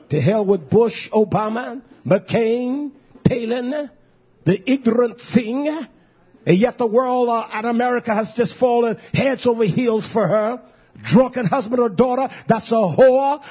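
A husky, high-voiced man preaches a fiery sermon. He surges into shouts, then drops to low muttered asides. The recording sounds dull and lo-fi. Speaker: pastor.

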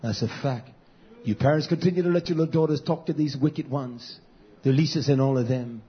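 A male pastor preaching a fiery, scolding sermon, swinging from low mutters to shouts, on a dull lo-fi recording. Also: brisk.

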